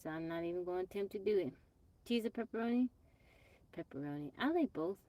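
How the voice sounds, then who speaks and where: A woman's voice: on the low side, animated, fast talker, dark tone, no room sound. Chatty woman from Texas hosting a livestream. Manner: chatty, greets viewers by name; plain-spoken, brushes off trolls directly. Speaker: livestream host. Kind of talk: casual live-stream chat. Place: off-grid home.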